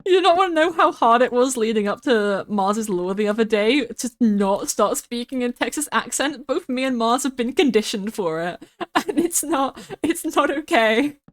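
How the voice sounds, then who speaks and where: A woman's voice: fairly high pitch, animated, normal speed, hardly any pauses. A young woman from the United Kingdom, a streamer chatting casually and rambling while she builds in a game, often giggling and swearing.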